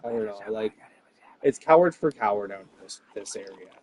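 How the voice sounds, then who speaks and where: A man's voice: lowish voice, expressive, a little fast, darkish tone. A man, rambling about his life with lots of fillers and swearing when worked up. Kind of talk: rambling personal talk.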